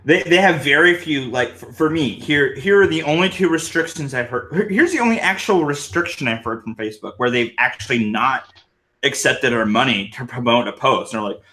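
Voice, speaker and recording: A man's voice: mid-range voice, fairly quick. Rambling, swearing tipsy man. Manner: rambling, swearing, animated hand gestures. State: drunk. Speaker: guest panelist. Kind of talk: casual livestream panel talk. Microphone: computer mic on a video stream.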